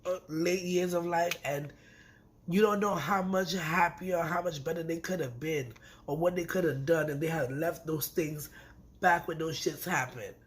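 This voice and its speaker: A woman talks through a reality TV episode in a loose, chatty recap. Her delivery is animated and emphatic, and she leans on repeated words to drive her points home. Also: deep voice, moderate pace. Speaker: reality TV reviewer.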